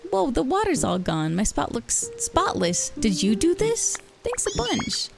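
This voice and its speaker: A woman's voice: sits high, huge pitch swings, a little slow, creaky, music in the background, pitched above the performer's own voice, full character voice. A woman voicing a carefree, independent stray cat creature from a video game, talking in a breezy, casual way. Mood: chatty.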